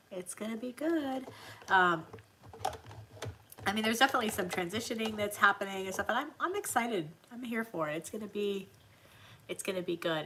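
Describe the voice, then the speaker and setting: A woman hosts a relaxed livestream, talking easily and answering comments from her viewers. Her voice is bright and forward, and she laughs often as she chats. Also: medium pitch, breathy edge. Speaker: livestream host. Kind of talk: casual livestream chat.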